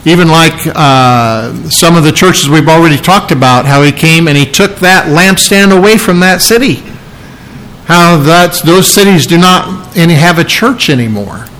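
A man's voice: fairly high pitch, a bit bright, low-quality recording. A man preaching an expository sermon, explaining scripture verse by verse in an emphatic way. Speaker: pastor.

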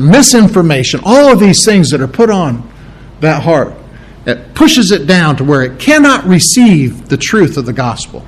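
Man, pastor, sermon, slightly high voice, very animated pitch, emphatic repetition. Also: poor audio. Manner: preaching with emphatic repetition, explaining Greek terms.

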